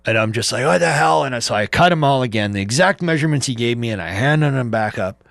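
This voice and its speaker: A middle-aged man spins long, rambling stories for his viewers, swearing casually and chuckling at his own mishaps. His voice sits at an ordinary middle pitch. The recording is dry and close. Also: expressive, fast talker, fairly bright tone, no room sound. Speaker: livestream host chatting with viewers. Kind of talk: casual storytelling. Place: at home.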